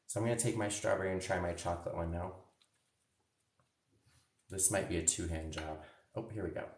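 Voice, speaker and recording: A man's voice: deep voice, brisk, a little hiss or hum. Cheerful man cooking in echoey kitchen. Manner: cheerful, chatty, tastes food while talking. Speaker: cooking instructor. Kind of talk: live cooking demo for kids. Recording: roomy echo, mic at a distance.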